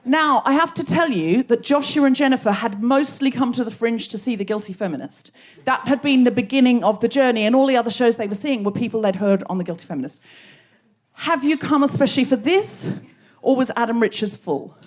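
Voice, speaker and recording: A woman's voice: on the high side, animated, brisk. An Australian woman hosting a live comedy podcast, laughing and riffing with the audience from a theatre stage. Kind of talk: live stand-up crowd work.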